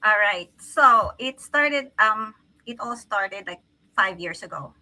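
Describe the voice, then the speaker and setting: A woman's voice: medium pitch, animated, takes it slowly, bright, forceful tone, poor audio. A middle-aged woman, a physical therapist, telling her story earnestly in an interview, with frequent restarts. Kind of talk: conversational interview.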